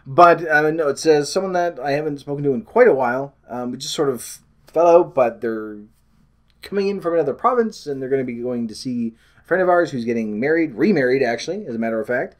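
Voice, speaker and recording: A man's voice: mid-range voice, lively intonation, fairly quick. Rambling man vlogging. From Canada. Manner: rambling, self-deprecating, loses his train of thought. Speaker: weight loss vlogger. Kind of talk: casual rambling vlog.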